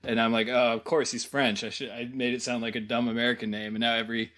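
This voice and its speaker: A man co-hosting a film podcast in casual chat, with a wry, deadpan sense of humor. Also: medium pitch, fast talker. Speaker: podcast co-host.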